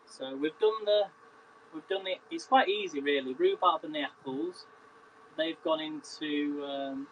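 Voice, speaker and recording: Man, chatty live-stream cook, slightly high voice, faint hum behind. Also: unhurried, a bit bright, poor audio. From England. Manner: chatty, laughs often, chats with viewers by name. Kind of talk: casual live-stream cooking chat. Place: home kitchen.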